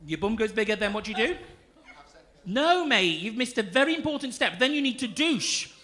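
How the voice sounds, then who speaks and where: A man's voice: very high voice, big pitch swings, brisk, sharp tone. A young man doing stand-up comedy on a club stage, teasing the audience in a camp, cheeky manner. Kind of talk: stand-up comedy with crowd work.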